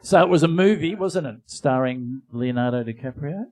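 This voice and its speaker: A man's voice: on the high side, expressive, normal speed, a little mellow. A man co-hosting a live comedy podcast in a pub, dry and asking leading questions. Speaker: co-host. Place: pub in front of a live audience.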